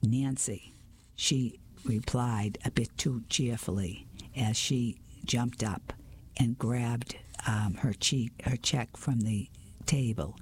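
A man reading a mystery novel aloud in a hushed whisper, with small slips. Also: mid-range voice, steady tone, slow, slightly rough. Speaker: reader. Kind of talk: whispered storybook narration.

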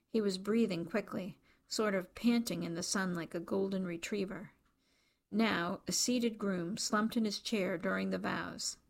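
A woman reading a novel aloud as an audiobook narrator, in even, measured storytelling. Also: medium pitch, gravelly. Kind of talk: scripted narration.

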